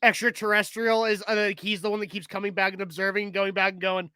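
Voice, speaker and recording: Male podcast co-host, high voice, dry close sound, laughs a lot. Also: fast talker, hardly any pauses, clear, resonant tone, dry recording. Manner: giggly, animated, frequent laughter. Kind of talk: casual chat.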